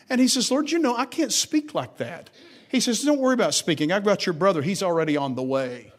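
Man, pastor, sermon, fairly high voice, dramatic quoting. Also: sing-song, fairly quick. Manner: dramatic rises when quoting God.

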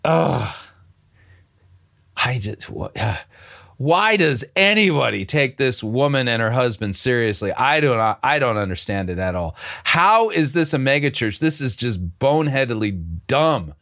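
A man's voice: mid-range voice, expressive, a little slow, vocal fry, fairly bright tone. A man hosting a commentary show, picking apart a sermon clip with sarcastic, incredulous remarks and frequent restarts. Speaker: host.

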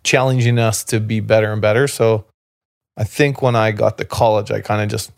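A man from Canada with a lowish, gravelly voice rambles through a long story on a podcast. His talk is loose and full of fillers and restarts. The recording is close and dry, with no room sound. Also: fairly even intonation, a little fast, no room sound. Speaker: podcast guest, former basketball player. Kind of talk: casual storytelling conversation.

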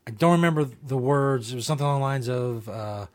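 A man's voice: medium pitch, fast talker, darkish tone. A man hosting his own talk show, rambling casually with lots of fillers, restarts and swearing. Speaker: show host. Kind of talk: casual podcast monologue.

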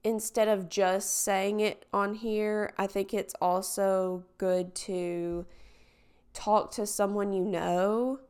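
A woman's voice: medium pitch, level tone, slow, darkish tone, smooth. A woman hosting a casual solo podcast, talking in a hesitant, rambling way full of fillers, candid and reflective. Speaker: podcast host.

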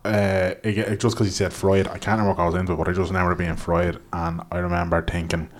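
A man chatting casually, rambling quickly and swearing in passing. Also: low-pitched, little pitch movement. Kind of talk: casual chat.

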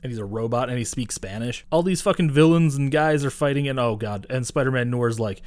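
A man's voice: mid-range voice, fast, few pauses, dry recording. A man co-hosting a podcast, casually recapping a movie scene by scene and swearing often. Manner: profane, animated retelling with quoted voices. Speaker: podcast co-host.

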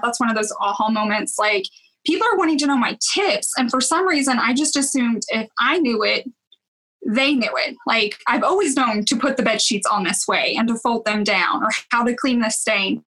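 Southern woman guest, higher voice, bright and chatty, earnest and quick to laugh. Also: low-quality recording. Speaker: cleaning video creator, guest. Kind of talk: casual interview chat.

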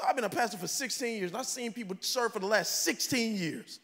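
A middle-aged pastor delivering a sermon, shouting and preaching with comic impressions of his congregation. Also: very high voice, animated, a little fast, slight background noise. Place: large church hall. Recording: echoey church hall with faint ambience.

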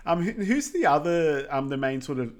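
A man co-hosting a podcast, summarizing a film in a relaxed way with frequent ums. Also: fairly high pitch, moderate pace. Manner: relaxed, filler-heavy with lots of ums. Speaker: podcast co-host. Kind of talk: casual film recap chat.

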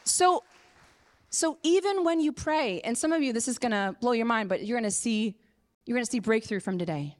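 A woman preacher giving an earnest sermon and personal testimony, moving from hushed to impassioned. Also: fairly high pitch, animated, normal speed. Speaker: apostle and preacher.

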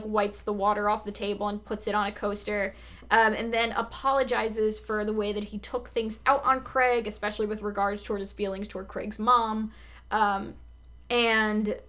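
A woman's voice: mid-range voice, fairly bright tone. A young adult woman recapping scenes in casual chat, full of fillers and frequent swearing. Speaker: podcast co-host.

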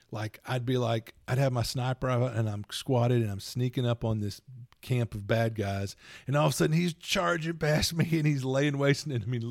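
Middle-aged male podcast host, gravelly, animated and rambling, dry booth sound. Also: medium pitch, no room sound. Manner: rambling, animated storytelling with laughs. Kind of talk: casual chat.

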